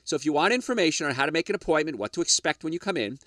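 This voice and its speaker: A man's voice: fairly high pitch, lively intonation, very fast, a bit bright, dry recording, studio quality. A middle-aged or older man hosting a health radio show, lecturing emphatically with rhetorical questions and asides to "folks".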